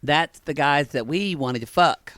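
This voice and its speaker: A man co-hosting a podcast in casual comedic chat, saying "y'all" and dropping into quiet asides. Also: a little high, measured pace, dry recording. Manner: chatty, uses "y'all", drops to quiet asides. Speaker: podcast co-host.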